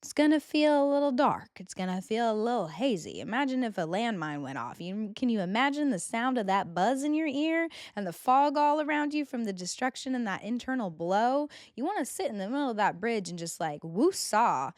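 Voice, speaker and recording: A woman's voice: on the high side, lively intonation, brisk, few pauses, dry recording, clean studio sound. A young woman hosting a spiritual self-help podcast, talking in a heartfelt, emotional way about inner healing. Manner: heartfelt, gets emotional and laughs through tears. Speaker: podcast host.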